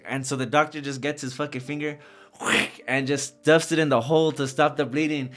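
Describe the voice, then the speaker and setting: A young man, a rapper, telling a wild personal story in a casual, profane, animated way. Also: a little high, a little fast. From Socorro. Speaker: rapper guest.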